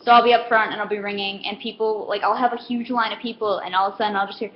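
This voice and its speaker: A woman's voice: mid-range voice, steady tone, very fast. A young woman in a casual comedic monologue, rambling with lots of fillers and acting out customers. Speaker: comedic vlogger. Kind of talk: casual stand-up style monologue. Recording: roomy, dull lo-fi with faint hiss.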